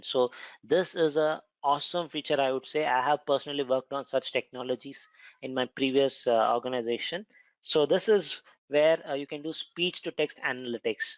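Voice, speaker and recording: A man's voice: medium pitch, dry recording, lo-fi sound. A man with an Indian accent explaining cloud features in a conversational recorded lesson, with frequent filler words. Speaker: cloud computing instructor. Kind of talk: recorded technical lesson with demo.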